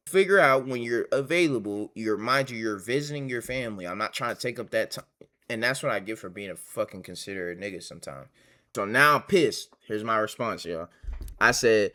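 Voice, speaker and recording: Young guy ranting thru a storytime, reads his texts out, lots of swearing, bright forceful voice kinda low. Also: animated, brisk. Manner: slangy, swearing, heated retelling. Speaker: storytime streamer. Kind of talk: casual storytime reading texts aloud.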